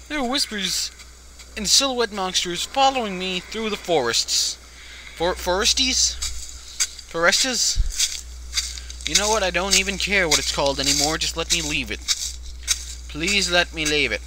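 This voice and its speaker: A man's voice: sits high, lively intonation, normal speed, background noise. A man hosting a let's play, joking, swearing and jumping at scares as he talks to the screen. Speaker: gaming video host.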